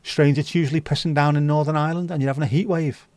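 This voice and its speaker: A man's voice: fairly high pitch, steady tone, quick pace, darkish tone, no echo. Sweary, jokey man. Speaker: livestream host. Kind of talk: casual chat reading viewer comments. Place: indoors.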